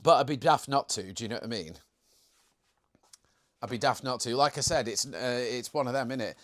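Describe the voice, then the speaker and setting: A man's voice: mid-range voice, brisk, fairly bright tone. A young man hosting a casual live stream, chatting in a jokey way and reading out viewer comments.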